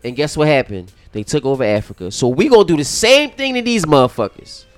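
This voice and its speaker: A man co-hosting a podcast in casual chat, animated, profane and quick to interrupt. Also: fairly high pitch, no echo, studio quality. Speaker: podcast co-host.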